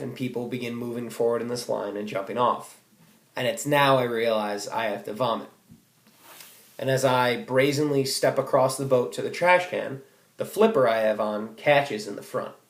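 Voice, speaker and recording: A man's voice: mid-range voice, echoey room. A teenage boy reading out a comic personal essay for school, wry and self-mocking, with sudden outbursts. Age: teens. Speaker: student giving a speech.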